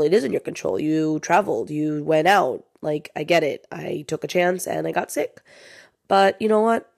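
A woman's voice: lowish voice, a little mellow, no room sound, clean studio sound. A young woman hosting a podcast, talking casually and confidingly to listeners while she is sick. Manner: chatty, confiding, says "you guys" often. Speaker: podcast host.

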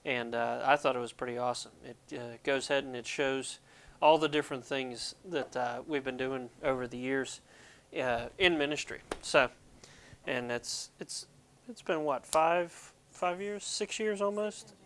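At a measured pace, a man with a mid-range, slightly bright voice hosts a ministry video in Pennsylvania. The devotional talk is casual and rambling, packed with jokes about himself.

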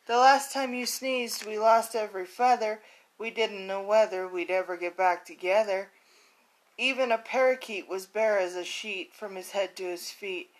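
A woman's voice: mid-range voice, fairly even intonation, normal speed, natural voice, poor audio. A woman voicing a flock of worried birds in a picture book, pleading in rhymes. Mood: fretful.

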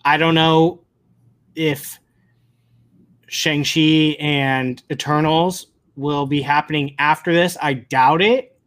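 Slow-talking excitable podcast host. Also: male voice, on the high side. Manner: excitable, rambling with restarts. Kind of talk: casual pop-culture chat.

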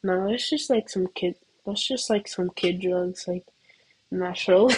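A woman's voice: fairly low pitch, measured pace, darkish tone, breathy edge, rough recording. A teenage girl student in a casual comedic rant, rambling and giggling with lots of "like". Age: teens.

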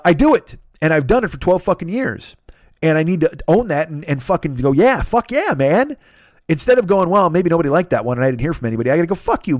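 Male podcast host, middle-aged, profane and self-deprecating; fast delivery, slightly high voice. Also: no echo, clean studio sound. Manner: rambling, profane, self-deprecating, quick asides. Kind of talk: profane solo podcast monologue.

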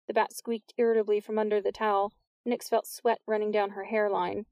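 A woman reading a novel aloud as an audiobook narrator, with smooth, even storytelling. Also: mid-range voice, brisk, dry recording. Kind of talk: scripted narration.

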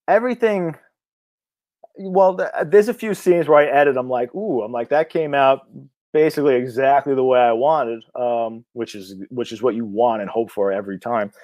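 An indie horror filmmaker, a man, speaks in a casual interview, blunt and full of energy, swearing freely and rambling with frequent restarts. His voice is mid-range at a normal speed, with no room sound.

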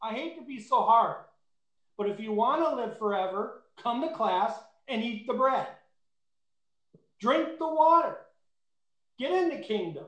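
A man's voice: very high voice, animated, a little slow, long pauses, a bit bright. A man preaching a sermon in an emphatic way, rising to fervent peaks. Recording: echoey room.

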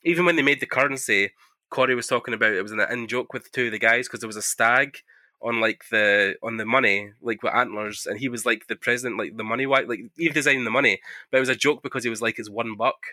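A man hosting a casual interview, telling stories quickly and swearing freely. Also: medium pitch, dry recording. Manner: fast, swearing, animated storytelling. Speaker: podcast host.

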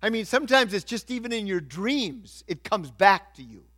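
A middle-aged male pastor preaching a sermon, swinging from quiet asides to loud, emphatic points. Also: sits high, sing-song, moderate pace.

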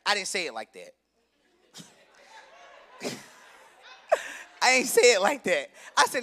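Young male minister, high bright voice, emphatic sermon delivery. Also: big pitch swings, moderate pace, pauses often. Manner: emphatic preaching, rising to shouts, conversational asides. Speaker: minister preaching.

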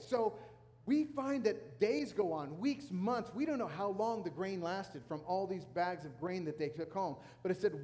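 A man's voice: high voice, animated, a little slow, darkish tone, big-room sound. A man preaching a sermon, retelling a scripture story in casual speech and acting out the characters' lines. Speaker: pastor.

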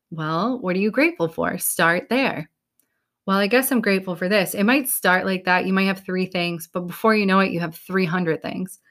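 A woman's voice: medium pitch, fairly bright tone. Upbeat New woman giving a pep talk. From New England. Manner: upbeat, casual, swears now and then. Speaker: podcast host.

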